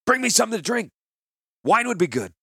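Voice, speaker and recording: A man voicing a bold, cunning young hero in chains who calls out loudly and urgently, in a storybook reading. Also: medium pitch, sing-song, dry recording, studio quality. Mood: scheming. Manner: loud, urgent, quick-witted calling out.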